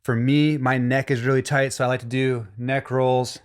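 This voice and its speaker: A man's voice: medium pitch, level tone, moderate pace. Male vocal instructor, mid-range voice, encouraging course narration. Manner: encouraging, demonstrates hums and sung lines.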